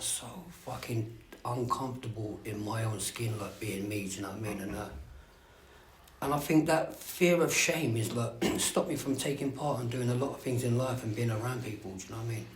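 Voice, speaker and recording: A man's voice: medium pitch, brisk. A man gives a candid, rambling personal share at a recovery meeting, swearing freely and often asking whether listeners know what he means. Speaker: speaker sharing at a recovery meeting. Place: meeting room. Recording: echoey room with faint background noise.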